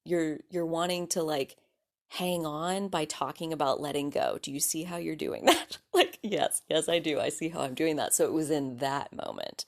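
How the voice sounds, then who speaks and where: Animated woman podcaster telling a story. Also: low voice. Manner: animated, swears, laughs, many likes and restarts. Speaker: podcast host. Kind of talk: casual solo podcast storytelling.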